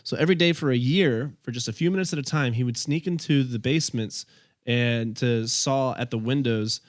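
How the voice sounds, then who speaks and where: A man's voice: mid-range voice, a little fast, no echo, clean studio sound. A man hosting a podcast, casually telling a history story, often laughing and losing his place.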